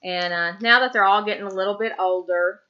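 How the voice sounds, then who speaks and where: A woman's voice: medium pitch, steady tone, brisk, dull audio. A woman in her thirties from Tennessee with a Southern accent, chatting casually to camera in a rambling way with many ums. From Tennessee, USA. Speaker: craft vlogger.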